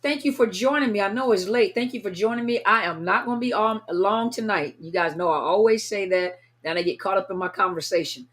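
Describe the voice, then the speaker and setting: A woman's voice: mid-range voice, brisk, few pauses. A woman hosting a casual live stream, greeting viewers one by one and sounding a little tired. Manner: warm, chatty, reads viewer names aloud. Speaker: livestream host greeting viewers. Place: at home, California.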